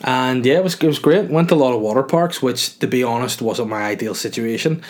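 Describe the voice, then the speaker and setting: A man's voice: mid-range voice, brisk. A man hosting a podcast, telling a rambling, self-mocking story with jokey asides. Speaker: podcast host. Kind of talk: casual storytelling monologue.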